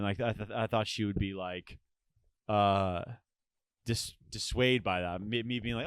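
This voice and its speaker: A young man talking casually on a podcast, halting and restarting often as he tells a story. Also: fairly low pitch, clear, resonant tone, no echo, studio quality. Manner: halting, full of restarts and filler. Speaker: guest.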